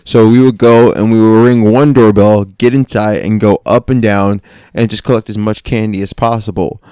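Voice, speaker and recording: Young guy on a podcast telling a story, smooth clear voice, dry room sound, laughs a lot. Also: lowish voice, moderate pace, no room sound. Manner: animated, laughing often, acting out quoted lines. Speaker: podcast co-host. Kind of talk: casual storytelling.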